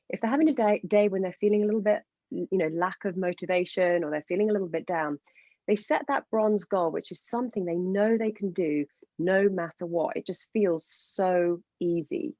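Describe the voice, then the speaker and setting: A woman speaks with passion as a fertility coach on a podcast. Her voice is warm and mellow, and the sound is dry and close. The recording is a little dull and lo-fi. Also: medium pitch, dry recording. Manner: passionate, enthusiastic explaining. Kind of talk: podcast interview.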